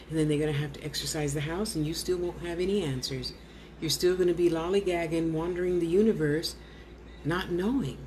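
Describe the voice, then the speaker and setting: A woman's voice: on the low side, a little mellow, slight background noise. A woman talking casually to an unseen spirit, coaxing and soothing it, with blunt, cursing asides. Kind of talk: casual one-sided spirit talk.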